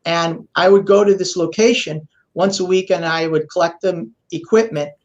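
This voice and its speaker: A man as a podcast guest, explaining in a relaxed way and telling a long story in which he acts out the voices of the people he quotes. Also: a little high, normal speed, highs cut off. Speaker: guest expert.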